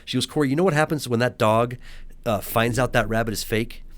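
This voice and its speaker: A man, a podcast guest, telling a story in a casual chat, animated and emphatic. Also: mid-range voice, brisk. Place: podcast studio at a table.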